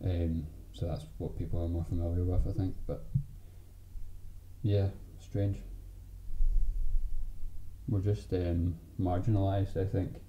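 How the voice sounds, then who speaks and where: Brief: young Glaswegian man, low-pitched, casual sweary podcast chat, echoey room with faint noise. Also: little pitch movement, slow, pauses often, mellow, highs cut off. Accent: Glaswegian Scottish. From Scotland. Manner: swearing, laughs often. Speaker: podcast co-host. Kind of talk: casual chat over drinks.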